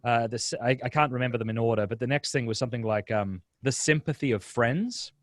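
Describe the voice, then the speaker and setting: A man, a guest speaker on a video-call webinar, telling stories in a lively, casual way with quick restarts. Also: mid-range voice, dry recording, clean studio sound. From Australia. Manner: lively storyteller, frequent restarts. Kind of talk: casual interview chat.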